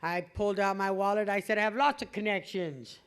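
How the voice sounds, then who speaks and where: A woman's voice: mid-range voice, fairly even intonation, a little fast, clean tone. A middle-aged woman giving a blunt, swearing testimony at a recovery meeting, laughing at herself. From California. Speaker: AA meeting speaker. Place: meeting hall before an audience.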